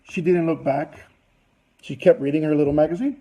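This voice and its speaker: A man's voice: a little high, fairly even intonation, a little fast, warm tone, rough recording. A man presenting to a business audience, telling a long anecdote in a loose, chatty way full of fillers and asides.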